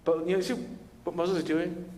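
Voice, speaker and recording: A man preaching a sermon as pastor, telling the story in a lively, casual way and acting out the voices of the people in it. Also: sits high, normal speed. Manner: animated storytelling, voicing Moses and God in casual paraphrase. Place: large church hall. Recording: church hall reverb.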